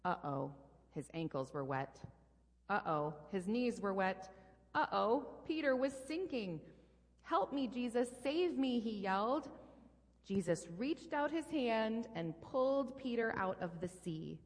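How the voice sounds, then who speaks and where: A woman's voice: medium pitch, expressive, unhurried. A woman pastor reading a storybook aloud to a child in a church, with playful sound effects. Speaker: pastor leading a children's message. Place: church sanctuary. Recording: long reverb in a large hall.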